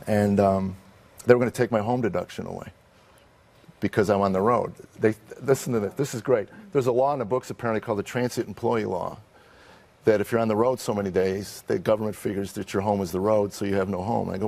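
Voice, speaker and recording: Gravelly low-voiced middle-aged man. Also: steady tone, a little fast, darkish tone. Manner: self-deprecating, wry, acts out the people in his stories. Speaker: comedian guest. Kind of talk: candid personal storytelling in an interview.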